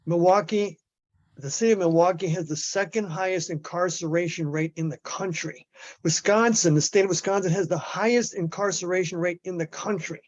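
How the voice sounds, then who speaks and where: Man, high voice, emphatic activist on a muffled lo-fi call, stumbles and restarts. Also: normal speed. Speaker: activist in a group discussion. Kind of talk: impassioned group discussion.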